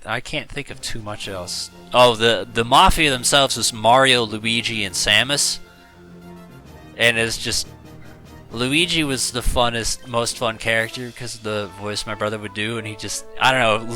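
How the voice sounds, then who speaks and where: A man's voice: medium pitch, normal speed, pushed and bright, soft background music. A man casually telling rambling stories with lots of fillers while playing a video game. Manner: rambling, storytelling, many fillers. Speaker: gaming YouTuber. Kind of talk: casual let's-play commentary.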